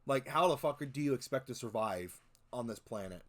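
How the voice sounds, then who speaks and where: A man's voice: medium pitch, expressive, normal speed. A man in his twenties streaming, chatting casually and rambling with lots of swearing and fillers. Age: 20s. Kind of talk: casual stream chat reacting to videos.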